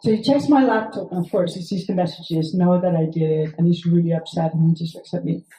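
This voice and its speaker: Non-native woman storyteller, casual and foul-mouthed, dark mellow voice in an echoey room. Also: on the low side, a little fast. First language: not English. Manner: swears freely, rambling with many fillers. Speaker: author telling a personal story. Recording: echoey room, faint noise.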